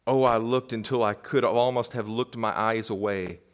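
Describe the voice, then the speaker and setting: A middle-aged male pastor delivering a sermon, reading a quoted testimony. He speaks in a measured way and often swells to loud emphasis. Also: lowish voice, fairly even intonation.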